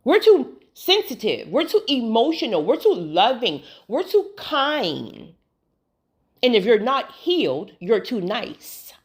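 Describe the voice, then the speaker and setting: Animated woman giving preachy spiritual advice. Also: on the high side, slow. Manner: colloquial, emphatic, repeats phrases. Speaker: spiritual healing vlogger. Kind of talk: preachy motivational talk.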